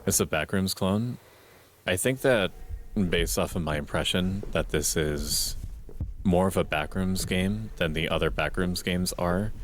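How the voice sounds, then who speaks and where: A male streamer giving casual gameplay commentary at home at night, keeping his voice quiet and in a deliberate monotone. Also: deep voice, slight background noise.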